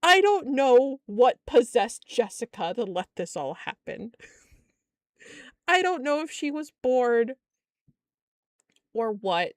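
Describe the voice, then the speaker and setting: Young woman streamer, lively swooping voice, unhurried storytelling, dry close sound. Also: fairly high pitch, no room sound. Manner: animated, exasperated, laughs often. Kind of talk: casual storytelling chat.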